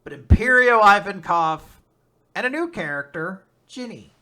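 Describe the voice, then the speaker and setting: A man on a podcast, recapping a manga chapter in casual chat, laughing often, swearing and slipping into quick voices for the characters. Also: high voice, expressive, sharp tone.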